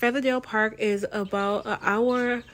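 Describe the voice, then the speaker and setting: A woman's voice: fairly high pitch, fairly even intonation, moderate pace, fairly bright tone. A woman hosting a casual travel vlog, chatty and teasing, recorded outdoors at a wildlife park on a handheld camera. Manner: chatty, joking, teasing banter. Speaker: travel vlogger.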